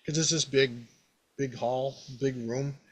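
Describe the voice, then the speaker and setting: A man hosting a podcast, casually recounting a tabletop game he ran, rambling and animated with many fillers. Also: medium pitch, measured pace. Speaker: podcast host, game master. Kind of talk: casual storytelling about a past game.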